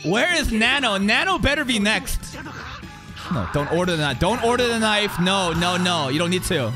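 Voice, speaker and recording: A man giving live anime reaction commentary, excitable, swearing freely and bursting into shouts. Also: high voice, moderate pace, over music.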